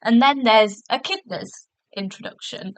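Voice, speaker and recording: A woman's voice: on the high side, measured pace, no room sound, rough recording. A woman hosting a podcast, chatting casually through a review with lots of fillers and restarts, recorded in a hotel room. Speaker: podcast host.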